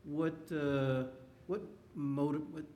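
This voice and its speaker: A man moderating an author talk, asking halting, self-deprecating questions with many restarts. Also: a little high, fairly even intonation, mellow, slight background noise. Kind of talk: interview questions.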